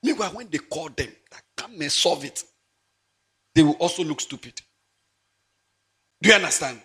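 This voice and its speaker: A lively church sermon comes from a pastor whose high, ringing, bright voice leaps across the scale at a normal speed. His manner is animated and playful: he laughs a lot, tells jokes, and alternates between shouting and murmuring quiet asides.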